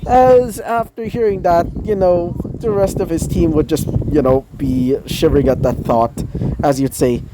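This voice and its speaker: A man's voice: on the high side, normal speed, background noise. A young man casually reading his own fan story aloud, rambling and correcting himself with many fillers. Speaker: fan fiction narrator.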